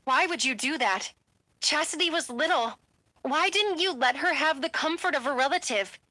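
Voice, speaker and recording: A woman's voice: high voice, lively intonation, moderate pace, bright, forceful tone, no echo, pitched above the performer's own voice. A woman voicing a hurt young male werewolf who pleads tearfully.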